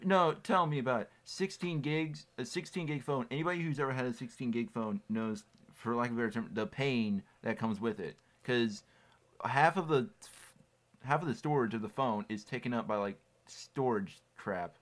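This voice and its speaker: A man's voice: mid-range voice, normal speed. A teenage boy co-hosting a podcast, joking around in casual chat and laughing easily. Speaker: podcast co-host.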